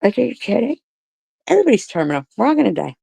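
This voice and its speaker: This streamer's voice is fairly high and sing-song, creaky yet mellow, slightly rough, and rapid-fire. She reads comments aloud and rants back at her critics with profanity, mockery, and sarcastic rhetorical questions, all on a dry recording.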